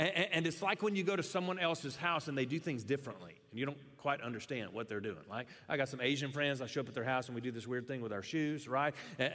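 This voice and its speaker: A middle-aged man preaching a sermon as pastor, in a lively, conversational way with frequent restarts. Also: a little high, long reverb tail.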